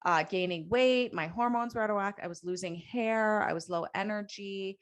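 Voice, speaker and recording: Speaking at a normal speed in a mid-range voice, this thirties-aged woman co-hosts a podcast. Her casual chat is earnest and emphatic, with a hint of sarcasm.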